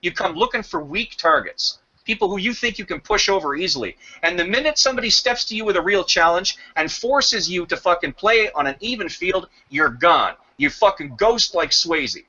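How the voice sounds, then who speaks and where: A man with a high, bright, forceful voice tears into someone in an online voice chat. He swears freely and hammers away with rhetorical questions. The audio is dull and lo-fi. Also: animated, normal speed, hardly any pauses, husky. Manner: confrontational, profane, rhetorical questions. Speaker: voice chat room participant. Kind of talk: heated rant in online voice chat.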